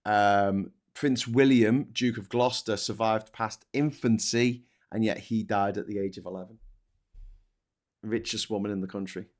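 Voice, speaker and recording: A man's voice: on the low side, steady tone, moderate pace. A British man co-hosting a casual live stream, reading viewer comments and ranting bluntly with frequent swearing and restarts.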